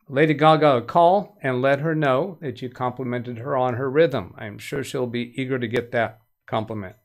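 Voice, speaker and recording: A medium-pitched male voice belongs to the host of a laid-back tech-help livestream broadcast from his home studio. Chatting away, he welcomes viewers by name and tosses out playful puns.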